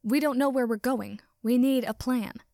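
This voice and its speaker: A formal, earnest young tin man who speaks with stiff, emphatic politeness, as a woman reading the story puts him on. His lines come out a little higher and louder than her narration, recorded dry and close. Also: normal speed, gravelly, no room sound.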